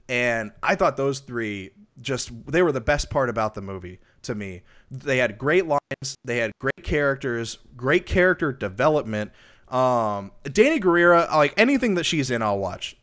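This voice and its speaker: A man with a wife and kids, co-hosting a podcast and reviewing a film in loose, rambling casual chat that gets animated when he tells a story. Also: medium pitch. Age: adult with a wife and kids. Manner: rambling, lots of restarts and fillers; animated when retelling stories. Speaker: podcast co-host.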